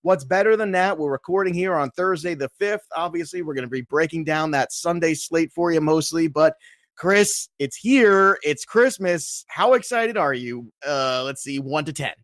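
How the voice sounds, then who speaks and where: A man's voice: a little high, moderate pace, no echo, studio quality. Hyped-up man co-hosting a podcast. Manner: energetic, playful, hype-man delivery. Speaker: podcast co-host.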